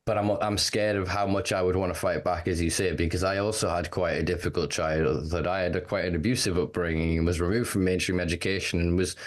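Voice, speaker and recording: A man hosting a podcast, talking candidly in a casual, animated way and swearing freely. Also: low-pitched, quick pace, hardly any pauses. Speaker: podcast host. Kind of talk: casual conversation.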